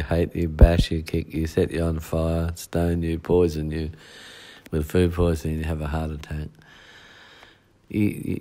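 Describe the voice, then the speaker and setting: A man preaches a midweek sermon in a very deep voice. He takes his time, leaning on repetition and rhetorical asides as he works through his points. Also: dark tone. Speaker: pastor.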